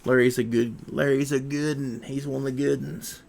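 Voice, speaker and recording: Male streamer, rambling and relaxed, gravelly mid-pitched voice. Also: normal speed, slight background noise. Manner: rambling, relaxed, with fillers and folksy asides. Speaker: livestream host. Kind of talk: casual chat while packing orders.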